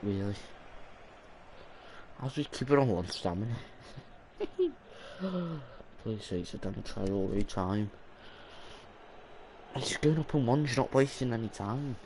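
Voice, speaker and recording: A man's voice: on the low side, background noise. A young man giving gameplay commentary, ranting and swearing at the match in front of him. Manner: ranting, swearing, exasperated muttering. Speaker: gaming channel host.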